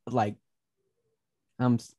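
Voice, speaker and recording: A man co-hosting a podcast in casual chat, with a baritone voice, playful and full of questions. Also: drawn-out words, dark tone. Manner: chatty, playful, asks many questions. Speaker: podcast co-host.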